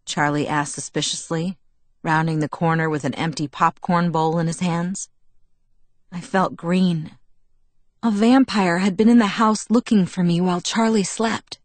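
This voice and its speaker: A woman reading a story aloud in first person, in even, measured narration. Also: fairly low pitch, no echo. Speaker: audiobook narrator.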